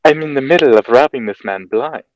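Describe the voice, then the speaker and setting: A man's voice: medium pitch, a little fast, highs cut off, background noise. A man playing a tabletop role-play game, cocky and teasing in character. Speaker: player.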